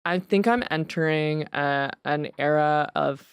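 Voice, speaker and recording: A podcast guest in relaxed chat, chatty and quick to laugh, trailing off into restarts. The voice is smooth and resonant, heard dry and close to the mic. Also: medium pitch, no echo. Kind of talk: casual chat.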